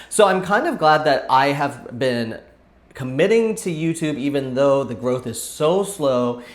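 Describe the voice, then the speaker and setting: A man hosting a casual craft vlog, talking on in a rambling, thinking-aloud way, picked up by a camera set back across the table. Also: mid-range voice. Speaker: vlog host. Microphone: camera set back at a distance on the table.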